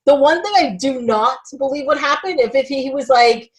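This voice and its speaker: A woman hosting a podcast, talking in a casual, animated way with lots of filler words. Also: high-pitched, normal speed, rough recording. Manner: animated, chatty, many "like" fillers. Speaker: podcast host. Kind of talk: casual chat.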